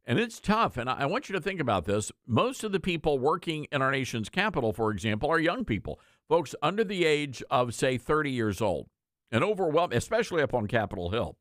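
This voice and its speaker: A man's voice: mid-range voice, sing-song, a little fast, fairly bright tone, no room sound, studio quality. A man hosting a political talk radio show, commenting in a folksy, sarcastic, conversational way.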